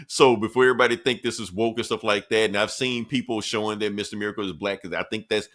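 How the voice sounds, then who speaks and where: A man's voice: on the low side, steady tone, fast, a bit bright. A man hosting a podcast, recapping a comic in a laid-back, profane way and laughing often. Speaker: podcast host. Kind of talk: casual comic book recap.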